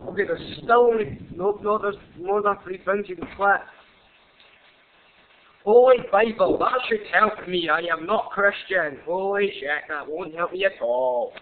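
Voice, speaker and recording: A man's voice: sits high, moderate pace, hardly any pauses. A young man commentates a horror game, swearing and panicking as he plays. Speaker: gamer playing a horror game. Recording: tinny lo-fi mic with hiss.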